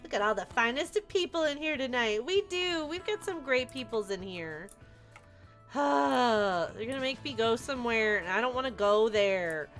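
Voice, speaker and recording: Bright bubbly woman streamer. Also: on the high side, expressive, moderate pace, soft background music. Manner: bubbly, gushes over chat. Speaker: game streamer. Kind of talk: casual live-stream chat.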